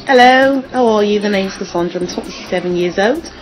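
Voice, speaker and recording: A woman's voice: medium pitch, a little fast, a little hiss or hum, natural voice, poor audio. A chirpy young British woman chats away in a singsong lilt, as a voice actress puts her on. The accent is put on for a demo reel. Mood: cheerful. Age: 20s.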